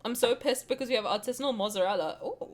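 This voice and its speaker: A young woman streaming, reading a game aloud and reacting with excited, swearing banter. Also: fairly high pitch, fast.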